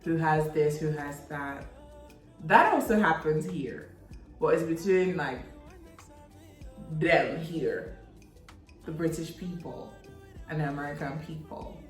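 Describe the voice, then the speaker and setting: A woman's voice: low-pitched, slow, pauses often. A young woman from Nigeria chatting to camera in a joking, dramatic vlog. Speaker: vlogger. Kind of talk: casual chat to camera. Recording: echoey room with faint music.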